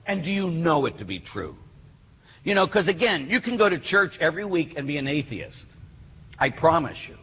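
A man's voice: on the high side, lively intonation, normal speed, sharp tone, breathy edge. A man preaching a sermon with emphatic, insistent delivery to a live audience. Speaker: Catholic speaker. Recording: reverberant hall, faint noise.

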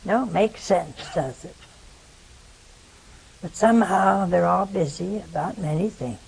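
A woman's voice: measured pace, creaky, slightly rough, rough recording. An older woman with a Southern American accent preaching a sermon, telling a story and asking rhetorical questions. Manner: storytelling, rhetorical questions, pitch swings for emphasis.

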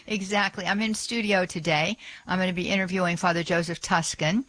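A woman's voice: lowish voice, steady tone, a little fast, fairly bright tone, no echo, low-quality recording. A woman hosting a radio talk show from a studio, chatty and full of fillers and restarts.

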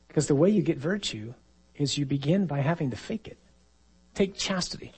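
A man's voice: on the high side, a little fast, darkish tone, husky, poor audio. A man, a priest, giving a conversational sermon and acting out the voices he quotes.

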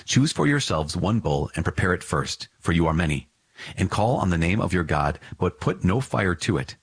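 A man's voice: sits low, lively intonation, normal speed, breathy edge, no room sound, full character voice. A man reading the part of a bold prophet, firm and commanding. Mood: stern. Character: stern bold male prophet.

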